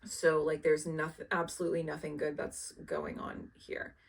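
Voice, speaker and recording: A young woman with a slightly low voice tells a story in a loose, chatty way, her sentences full of filler words. She swears freely and adds dry, sardonic asides as she goes. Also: little pitch movement, normal speed, husky. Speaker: TV recap video maker. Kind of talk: casual plot recap.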